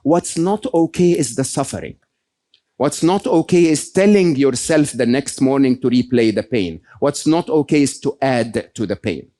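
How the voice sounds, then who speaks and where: A man's voice: medium pitch, animated, moderate pace, dark tone. A man giving a conversational motivational talk to a live audience, often checking in with "okay?" and "right?". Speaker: keynote speaker.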